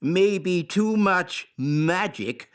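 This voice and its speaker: A man voicing a wise old male elf in a cartoon, measured and dryly teasing. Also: high-pitched, animated, clear, resonant tone, exaggerated voice.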